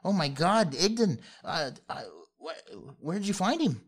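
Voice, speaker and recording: A man voicing a sweet, frumpy old village woman who stammers in a high, quavering, panicked voice. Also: very animated, measured pace, slightly rough, exaggerated voice. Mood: shocked.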